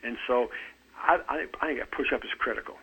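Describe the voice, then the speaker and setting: This man in his seventies has a forceful, bright voice with a raspy edge. He talks earnestly as an interview guest, stumbling over and repeating words as he gets going. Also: mid-range voice, brisk, poor audio. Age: 70s. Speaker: author and fitness guest. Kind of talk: conversational interview.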